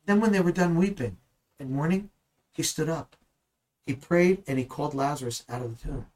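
A man's voice: a little high, moderate pace, a little mellow, rough recording. A man teaching the Bible in a conversational way, earnest and at times emphatic. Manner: earnest, rising to emphatic bursts.

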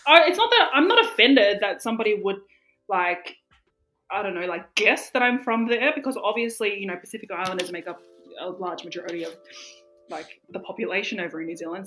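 A young woman, co-hosting a podcast and telling stories in a casual, animated way, full of fillers and swearing. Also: mid-range voice. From Australia. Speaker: podcast co-host. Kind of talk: casual chat.

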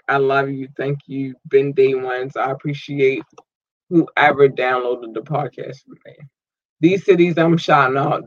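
A man hosting a podcast, warmly shouting out listeners' cities with a lilt and playful squeals. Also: dry recording, highs cut off. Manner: warm, effusive, playful, sometimes squeals in a high voice. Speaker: podcast host. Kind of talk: casual listener shout-outs.

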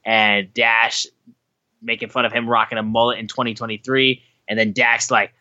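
A man co-hosting a podcast in casual chat, animated and swearing freely as he recaps shows. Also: mid-range voice, moderate pace, dry recording, muffled recording. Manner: animated, swearing, acts out quotes. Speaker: podcast co-host.

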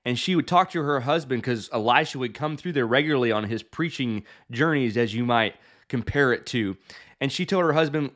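A male preacher retelling a Bible story in a lively way, with chuckling asides. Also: mid-range voice, brisk. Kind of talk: sermon storytelling.

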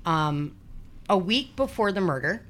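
A woman's voice: on the low side, lively intonation, unhurried, a bit bright, slight background noise. Blunt, sweary woman in her forties. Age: 40s. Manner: blunt, sweary, sarcastic asides. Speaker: podcast host. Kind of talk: casual true-crime storytelling.

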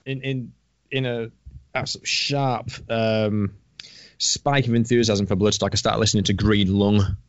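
A man's voice: on the low side, steady tone, a little slow, dry recording, dull audio. A man co-hosting a podcast in casual, sweary chat, often restarting his sentences. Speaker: podcast co-host.

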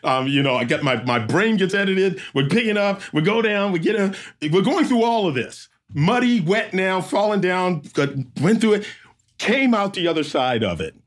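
A man, an obstacle race emcee, telling an animated story and acting out the sounds and voices. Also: high-pitched, normal speed. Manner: lively storyteller who acts out sounds and voices.

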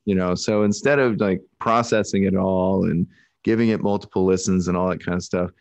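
A man's voice: sits low, fairly even intonation, a little fast, a little mellow, no echo, highs cut off. A man from Alaska with a Pacific Northwest accent, hosting a podcast over a video call in a rambling, casual way, with lots of restarts. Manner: rambling, with many restarts and easy laughs. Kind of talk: casual chat.

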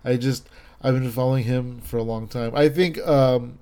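Man, thirties, casual chat, rambling, enthusiastic, mellow dark voice. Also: mid-range voice, steady tone, moderate pace, clean tone. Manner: rambling, enthusiastic, lots of fillers and restarts.

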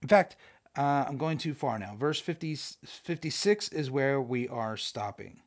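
A man hosting a podcast, giving a casual, animated Bible study with emphatic, self-deprecating asides. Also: mid-range voice, a little slow, no echo, studio quality. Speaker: podcast host.

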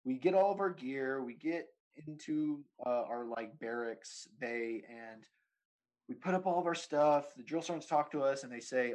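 A man's voice: mid-range voice, normal speed, darkish tone, rough recording. A man in his thirties telling a story in casual chat, rambling, swearing and laughing often. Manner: profane, rambling, laughs often, says "dude" constantly.

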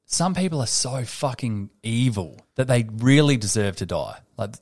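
A South Australian man chatting on a podcast in an easygoing, sweary way, and he is the one who steers the talk to new subjects. His voice sits at an ordinary middle pitch. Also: expressive, normal speed, darkish tone. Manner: laid-back, sweary, steers topics. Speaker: podcast co-host. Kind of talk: casual chat.

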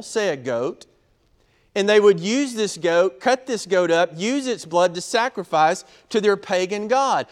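A man preaching a sermon, animated, acting out quotes as he teaches. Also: high-pitched. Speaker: pastor.

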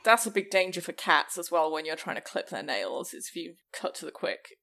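A woman co-hosting a podcast, chatting casually and telling lively stories in which she acts out what people said. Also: on the low side, brisk. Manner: animated storyteller who acts out voices. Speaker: podcast co-host. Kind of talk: casual chat.

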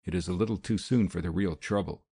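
A cool-headed vigilante speaks in a calm, dry, measured way, voiced by a man reading aloud. The voice is deep and mellow with a gravelly edge. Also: full character voice.

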